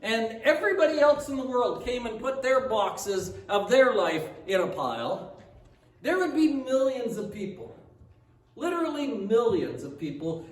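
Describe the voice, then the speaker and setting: A man pastor delivering a conversational sermon full of rhetorical questions. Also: very high-pitched. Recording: echoey hall, speaker far from mic, faint noise.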